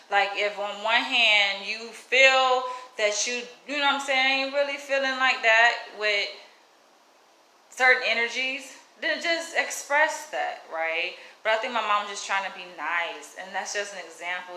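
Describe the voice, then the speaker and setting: A woman's voice: measured pace, echoey room, poor audio. A woman vlogger telling a personal story in a casual, outspoken way, with light cursing. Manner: outspoken, animated, drops into higher mimicking voices when quoting others. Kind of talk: casual storytelling to camera, reading live chat.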